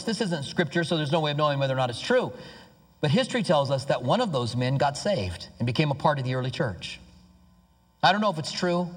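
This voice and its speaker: A man preaching a sermon as pastor, emphatic, dropping to hushed low tones and rising to excited outbursts. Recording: long hall reverb.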